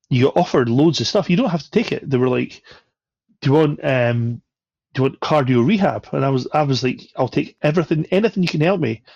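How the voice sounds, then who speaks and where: A man with a gravelly, creaky voice tells a story in a relaxed, chatty way, slipping into the voices of the people in it. The recording is dry and a little dull. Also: medium pitch, no echo. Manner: animated, acts out quoted voices. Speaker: podcast guest. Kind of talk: casual storytelling.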